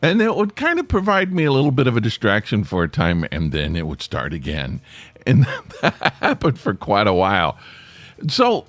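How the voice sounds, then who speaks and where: A man's voice: on the low side, huge pitch swings, normal speed, no echo. A man hosting his own podcast from a small home studio, talking in a rambling, self-deprecating way with lots of restarts. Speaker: podcast host. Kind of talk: rambling solo podcast chat.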